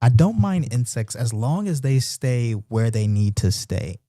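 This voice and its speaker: A man tells a story in a loose, animated way, full of slang and restarts. His voice is mellow and warm at a medium pitch. The sound is dry and close, with little room echo. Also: unhurried, few pauses. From Baltimore. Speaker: host of a Bible reading stream. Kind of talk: casual storytelling chat. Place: apartment in Japan.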